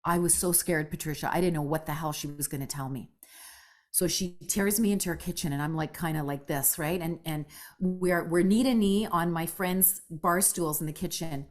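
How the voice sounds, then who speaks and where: A woman in her fifties telling her story as a podcast guest, animated and casual, peppering her talk with "right?" and the odd swear word. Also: moderate pace, faint music behind. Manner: animated, acts out quoted voices with big pitch jumps. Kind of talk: conversational storytelling.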